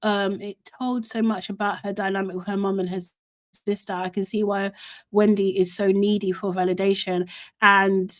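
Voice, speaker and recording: A woman's voice: mid-range voice, little pitch movement, moderate pace. A young woman, chatting animatedly through a casual live recap and laughing often. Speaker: reality TV recap host.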